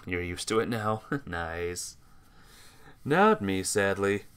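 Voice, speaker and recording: A sleepy male streamer chats his way through a round, his voice bright and smooth. He talks slowly and lazily, laid-back and joking with his chat and teammates. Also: low-pitched, big pitch swings. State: sleepy, yawning. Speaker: gaming streamer. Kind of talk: casual live-stream game commentary.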